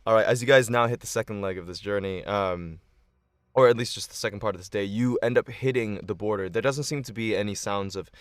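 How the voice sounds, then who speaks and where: A man's voice: fairly low pitch, brisk, clear, resonant tone, no room sound, clean studio sound. A young man running a tabletop game as game master, narrating loosely with lots of fillers.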